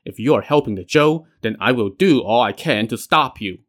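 A scheming male immortal brags about his powers and presses his rival to join him, as a man reading the tale puts him on. He talks in a persuasive, boastful storybook manner, at a mid-range pitch. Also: lively intonation, normal speed, fairly bright tone. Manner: persuasive, bragging.

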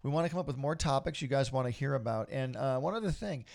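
Gravelly, upbeat man hosting a podcast. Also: medium pitch, fast, a little mellow. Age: middle-aged. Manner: upbeat, rambling, motivational. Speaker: podcast host. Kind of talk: casual podcast chat.

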